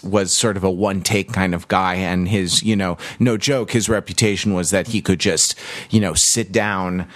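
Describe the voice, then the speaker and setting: A man with a low, deep voice muses through a casual conversation. He stops and restarts often as he works out his ideas. The sound is close and dry, with no room around it. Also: no echo. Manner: halting, thinks aloud with many restarts. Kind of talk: casual chat.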